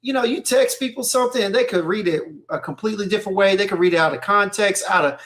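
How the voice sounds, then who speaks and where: A man's voice: sits high, quick pace, fairly bright tone. A man co-hosting a casual podcast chat, loose and rambling, often asking "you know what I'm saying". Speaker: co-host.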